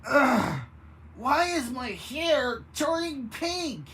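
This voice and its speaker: A woman voicing a transforming woman who turns into a sea monster, speaking high and shaky and breaking into growls. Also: lively intonation, very slow, fairly bright tone, a little hiss or hum, exaggerated voice. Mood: shrieking.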